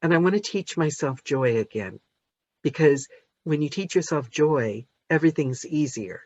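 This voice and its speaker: An American woman, an audiobook narrator, chatting casually on a podcast in an animated, rambling, self-deprecating way. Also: low-pitched, normal speed, dull audio. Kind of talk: casual chat.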